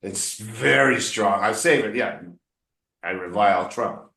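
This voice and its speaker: Slow, patient male English coach. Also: fairly low pitch, vocal fry, sharp tone. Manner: patient, explanatory, drills pronunciation by repetition. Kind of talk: one-on-one English tutoring. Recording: roomy echo.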